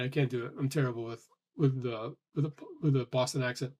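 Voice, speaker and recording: A man's voice: mid-range voice, steady tone, a little fast, few pauses, a little mellow, slightly rough. A man in a casual thinking-aloud monologue who talks in loose, rambling restarts with some swearing and sounds a little short of breath. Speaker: vlogger.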